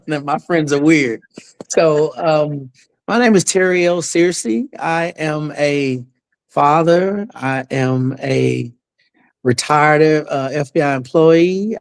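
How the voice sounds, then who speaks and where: A middle-aged man who is a guest on a talk show, answering in a halting, self-deprecating, joking way. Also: on the high side. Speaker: political candidate guest. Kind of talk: casual interview answers.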